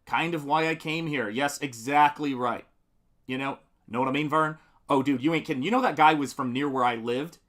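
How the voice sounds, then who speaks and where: Painting live on stream, a middle-aged man chats casually at a moderate pace in a slightly bright, higher-pitched voice. His talk wanders amiably as he responds to comments from viewers, with frequent laughter.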